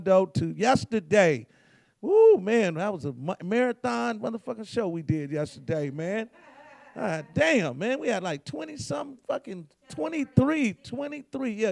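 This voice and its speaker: A hoarse man, telling profane, laid-back comedic stories about his family. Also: sits high, big pitch swings, moderate pace, darkish tone, dry recording. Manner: profane, laid-back storytelling, acts out quotes. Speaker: guest comedian. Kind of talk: storytelling comedy.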